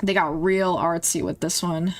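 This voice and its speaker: A woman's voice: lowish voice, level tone, moderate pace. A young woman streaming, chatting casually and emotionally as she reacts to music videos, laughing and gasping along the way.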